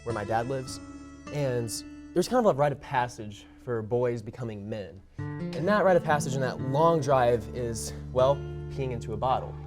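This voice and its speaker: A young man telling a comic story as a game-show panelist, excitable and self-mocking. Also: medium pitch. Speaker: panelist telling a tall tale. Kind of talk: comedic storytelling.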